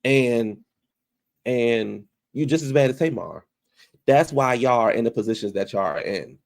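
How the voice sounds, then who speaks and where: A man's voice: medium pitch, unhurried, gravelly. A man giving casual commentary, repeating phrases for emphasis and calling out people directly. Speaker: commentary vlogger.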